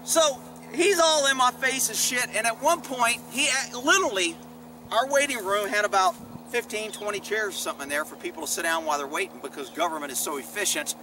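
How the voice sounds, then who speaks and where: A man's voice: high-pitched, brisk. A middle-aged man, a former police officer, telling stories in a casual vlog with a profane, rambling, candid way of talking. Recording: distant mic with faint background noise.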